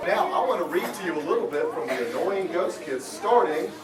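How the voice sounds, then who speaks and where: A man, a children's author, giving a lively, expressive talk to schoolchildren and asking them questions. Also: a little high, brisk, over a noisy crowd. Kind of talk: animated talk and reading to schoolchildren. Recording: echoey school room, far from mic. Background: children in the audience.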